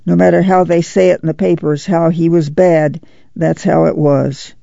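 An earnest, worn farm mother who talks slowly in plain folksy dialect, as a woman reads her, her voice gravelly and mellow. The sound is dull and lo-fi, dry and close to the mic. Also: low voice, flat delivery, no room sound.

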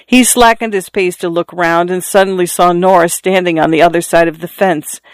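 A narrator reads a literary story aloud at a measured, steady pace. The voice sits in a middle pitch. The recording is dry and close. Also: clean tone, no echo. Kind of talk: audiobook narration.

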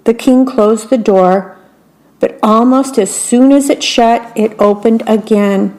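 Slow, wry woman storyteller. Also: a little high, a little mellow. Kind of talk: reading a fairytale aloud.

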